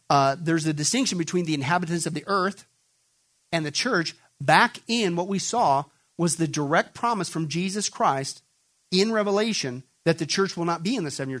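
A man's voice: on the high side, a bit bright. A male pastor preaching an emphatic sermon, often throwing questions back at the congregation. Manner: emphatic call-and-response questioning.

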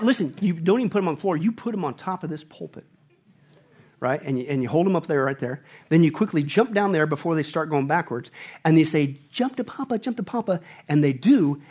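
A middle-aged man preaching a sermon, conversational and animated, often tagging his points with "right?" and acting out family stories with playful voices. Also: a little high, fairly quick. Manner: acts out family scenes with playful put-on voices. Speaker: pastor.

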